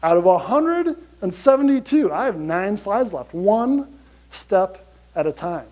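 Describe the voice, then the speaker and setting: A man giving a motivational conference talk to an audience, energetic and chatty, often asking "right?". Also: high-pitched, takes it slowly, rough recording. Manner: energetic, chatty, repeats "you gotta" and "right?". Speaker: conference speaker.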